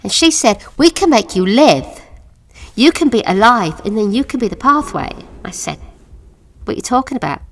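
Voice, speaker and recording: A haunted woman with a gravelly voice. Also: a little high, animated, no echo. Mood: frightened. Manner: halting, hushed storytelling that sinks to whispers. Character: haunted woman recalling a childhood ward horror. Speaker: witness recounting an account. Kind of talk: audio drama monologue.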